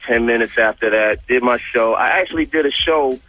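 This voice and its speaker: A man's voice: medium pitch, fairly quick, dry recording, lo-fi sound. A man who is a guest on a radio interview, telling a story in casual slang and acting out the dialogue. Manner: animated, acts out the dialogue, profane slang.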